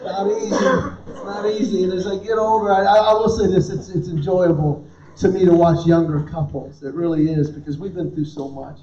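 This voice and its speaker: Guy in his 50s doing stand-up in a big echoey hall, mic kinda far and muffled, mellow tone. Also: high-pitched, fairly quick, some chatter behind. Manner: animated storytelling, acting out quoted dialogue. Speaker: comedian. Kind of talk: stand-up comedy at a church event. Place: large hall before a live audience. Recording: roomy, distant, dull hall recording.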